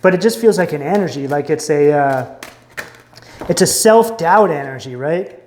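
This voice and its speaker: A man's voice: fairly high pitch, expressive, moderate pace, darkish tone, slight background noise. A man doing an intuitive tarot reading, musing and searching as he talks, often breaking off mid-sentence. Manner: musing, searching, self-interrupting. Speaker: tarot reader. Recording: roomy echo.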